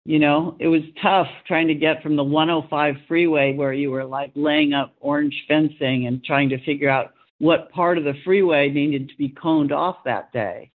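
A man's voice: a little high, steady tone, moderate pace, few pauses. A man, a set decorator, recalling a hectic shoot in an interview. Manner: reflective, recalling. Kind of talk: interview recollection. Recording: tinny phone-like line.

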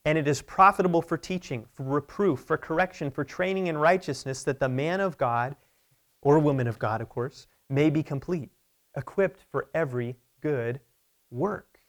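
A man's voice: a little high, normal speed. A man preaching a sermon from the pulpit, explaining scripture in an emphatic, conversational way and often checking in with "right?". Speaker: pastor. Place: church sanctuary pulpit.

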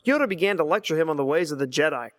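In this listener voicemail, a thirtysomething man reminisces earnestly and reads passages out loud, talking very fast in a fairly high, expressive voice. The audio carries a long, hall-like reverb.

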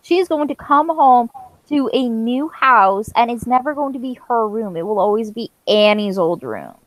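A woman's voice: fairly high pitch, animated, normal speed, dry recording, low-quality recording. Woman on a podcast, earnest about plot loose ends, very dry close sound. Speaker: podcast co-host. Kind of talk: casual chat.

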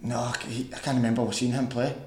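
Scottish male coach, mid-pitched, relaxed joker, roomy sound. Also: quick pace, crowd noise. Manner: relaxed, joking, searching for names. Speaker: football manager guest. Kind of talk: casual football chat.

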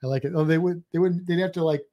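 A man's voice: fairly high pitch, steady tone, racing, lo-fi sound. A man co-hosting a podcast, rambling through a walkthrough and cracking jokes and puns. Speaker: podcast co-host. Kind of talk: casual chat.

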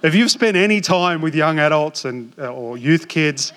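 High-voiced Australian pastor in his forties. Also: moderate pace, smooth. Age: 40s. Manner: animated storytelling with self-mocking humour. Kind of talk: sermon. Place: church hall. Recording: long hall reverb.

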